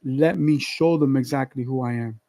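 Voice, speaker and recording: A man's voice: mid-range voice, normal speed, warm tone. A man praying aloud on a livestream, earnest and pleading, piling up repeated requests. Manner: earnest, pleading, repetitive litanies. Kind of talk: spoken public prayer.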